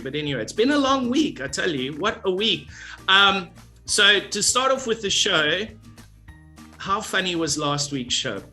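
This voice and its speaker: Jokey male co-host on a video call, bright voice, faint music behind. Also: high-pitched, moderate pace. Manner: goofy, jokey, animated. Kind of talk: playful business show chat.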